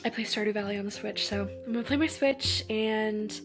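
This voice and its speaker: A young woman with a mid-range voice chats a little fast to the camera in a home vlog, moving between kitchen and bedroom with music in the background. She's bubbly and says "like" a lot.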